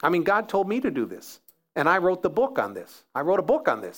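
A man's voice: high voice, huge pitch swings, brisk, a bit bright. A man preaching a sermon as pastor, building emphasis through repeated phrases.

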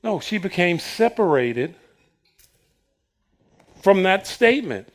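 A man's voice: high voice, slow pace. A man preaching a sermon, acting out the Bible characters' words with bursts of laughter. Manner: animated, acts out Bible quotes with laughter.

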